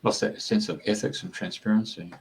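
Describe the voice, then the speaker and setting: Male host, low voice, easygoing, faint background noise. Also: a little fast, gravelly. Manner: relaxed, informal sign-offs. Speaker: radio host. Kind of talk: casual broadcast chat.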